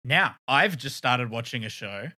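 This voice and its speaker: A man's voice: medium pitch, animated, measured pace, pushed and bright. A young man with a South Australian accent, co-hosting a podcast in casual chat, rambling and laughing as he goes. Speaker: podcast co-host.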